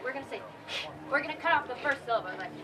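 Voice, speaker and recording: High-voiced woman coaching a festival workshop. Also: expressive, very fast, noisy background. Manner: upbeat coaching, demonstrates with sung vowels. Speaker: voice and movement workshop leader. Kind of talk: teaching a group warm-up. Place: festival healing arts workshop. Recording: distant mic, loud music and crowd behind.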